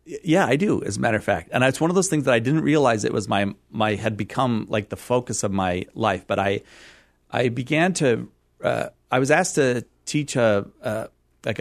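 A man's voice: medium pitch, dry recording, studio quality. A middle-aged man from California, a radio guest who talks in a rambling, self-deprecating way and laughs easily. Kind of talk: casual interview chat.

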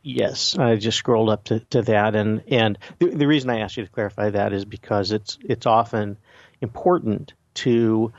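A man's voice: on the low side, fairly even intonation, moderate pace, no echo, muffled recording. A man as guest expert on a radio call-in show, answering carefully and hesitantly with frequent restarts. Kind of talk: explanatory chat on a call-in show.

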